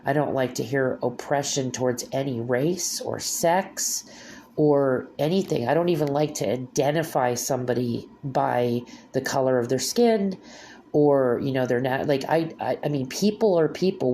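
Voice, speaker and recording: A woman's voice: extremely low pitch, a little slow, warm tone, slight background noise. A middle-aged woman hosting a podcast, talking at length about her faith in a rambling, heartfelt way, full of restarts and "you know". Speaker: podcast host. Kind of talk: personal monologue on faith.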